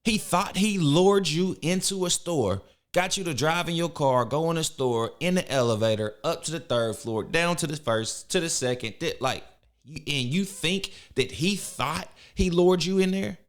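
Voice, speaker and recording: A man's voice: a little high, animated, moderate pace. Slangy mocking man reacting to a clip. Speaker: reaction video host. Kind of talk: casual commentary reacting to a clip.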